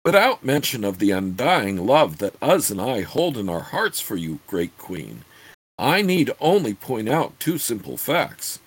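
A man voicing an ancient scheming witch woman who speaks in a measured, formal way. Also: mid-range voice, big pitch swings, breathy edge.

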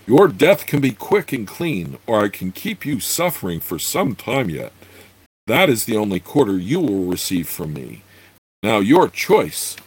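A man's voice: lowish voice, wildly swooping pitch, a little slow, husky, full character voice. A man reading a menacing elf warrior. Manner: cold, threatening, commanding.

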